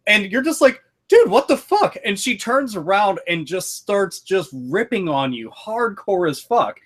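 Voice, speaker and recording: A man hosting a podcast, telling excitable, profane stories in casual chat. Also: high-pitched. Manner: profane, excitable storytelling with frequent swearing. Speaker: podcast host reviewing a video game.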